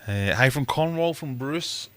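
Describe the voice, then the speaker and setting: A man's voice: mid-range voice, animated, unhurried, fairly bright tone. A middle-aged man hosting a casual livestream chat, rambling jokily with self-mocking asides and acting out other people's voices. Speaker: livestream host.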